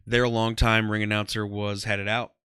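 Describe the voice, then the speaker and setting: Rambling man with a bright, crisp voice. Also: on the low side, little pitch movement, normal speed, no room sound, clean studio sound. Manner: rambling, heavy on "um" and "like". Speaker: guest, comedian and former ring announcer. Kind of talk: casual interview chat.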